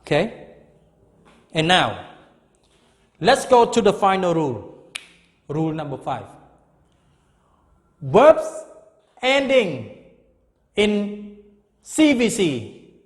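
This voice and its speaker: Man, English teacher, high animated voice, emphatic, repetitive, reverberant hall. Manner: slow, emphatic, repeats key words. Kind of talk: classroom grammar lesson.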